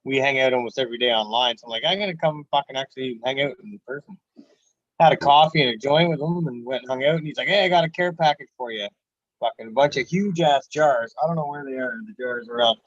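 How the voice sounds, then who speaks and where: A man's voice: mid-range voice, quick pace, fairly bright tone, dry recording. A man co-hosting a live stream, chatting loosely and swearing freely. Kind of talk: casual chat. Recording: dull lo-fi sound.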